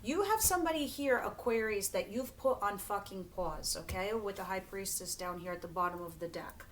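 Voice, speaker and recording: A woman's voice: medium pitch, moderate pace, slight background noise. A woman giving a casual tarot reading, talking bluntly and straight to the viewer and swearing freely. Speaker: tarot reader.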